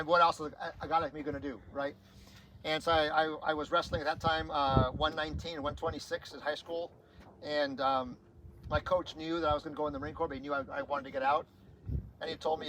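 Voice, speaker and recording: Middle-aged man, high-pitched, storytelling to a crowd, faint background noise, restarts often. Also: fast talker, fairly bright tone, rough recording. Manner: rambling, repeats words, acts out quoted voices. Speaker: speaker telling his life story. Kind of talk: personal storytelling talk to an audience.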